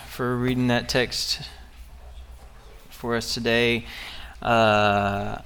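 A man's voice: mid-range voice, fairly bright tone, smooth. A young man giving a sermon as a visiting preacher. He speaks earnestly and personally, stumbling through fillers and restarts as he goes. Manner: halting, many fillers and restarts. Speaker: guest preacher.

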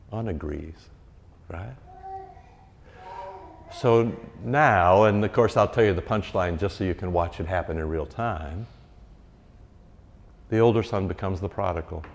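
A man giving a sermon as a pastor, animated and conversational, with wry asides. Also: deep voice. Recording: reverberant church hall.

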